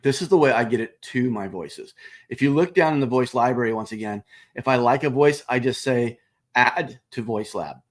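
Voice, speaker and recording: A man presenting a live screen-share walkthrough of a software product, explaining each step casually and speaking directly to viewers. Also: medium pitch, moderate pace.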